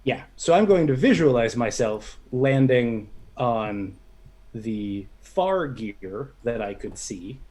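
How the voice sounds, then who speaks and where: A man's voice: medium pitch, animated, slow pace, a little mellow, poor audio. A man playing a tabletop game, hesitant and thinking aloud as he asks about rules. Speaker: player.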